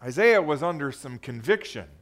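A man preaches a sermon, reading scripture emphatically, rising to loud exclamations, and calling to the audience for responses. His voice is fairly high and sing-song, at a moderate pace.

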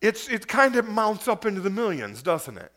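A high-pitched man preaching to a congregation. He reads scripture aloud and comments on it in plain, everyday words. He keeps checking in with his listeners through questions. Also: big pitch swings, normal speed, fairly bright tone. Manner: conversational, asks the audience questions. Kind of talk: sermon reading scripture with commentary.

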